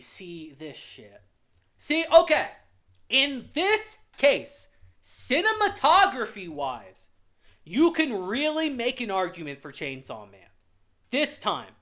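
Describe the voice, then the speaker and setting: A man's voice: very high-pitched, sing-song, takes it slowly, pushed and bright. A young man hosting his own channel, ranting in a heated, profane, exasperated way while reacting to a list. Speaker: anime reviewer, channel host. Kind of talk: casual reaction rant.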